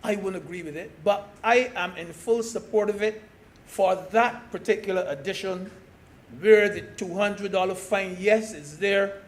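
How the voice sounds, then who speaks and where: A man from Barbados giving a parliamentary speech as a senator, slow and deliberate, stressing key words. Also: sits high. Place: senate chamber.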